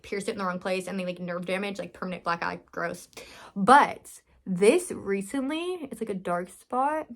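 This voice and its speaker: A woman's voice: medium pitch, a bit bright. A young woman vlogger talking earnestly and emotionally to her viewers, rambling with restarts. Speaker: vlogger and business owner. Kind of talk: casual heartfelt talk to camera.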